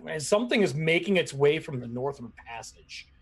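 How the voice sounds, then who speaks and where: A man narrating as game master of a tabletop game, animated and laughing often. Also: on the high side, brisk.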